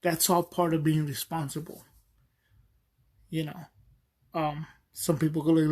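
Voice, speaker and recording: A man's voice: fairly high pitch, fairly even intonation, unhurried, pauses often, a little mellow. A man hosting a podcast in a casual, rambling monologue, with many fillers and frequent chuckles. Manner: chuckles often while telling stories. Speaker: podcast host.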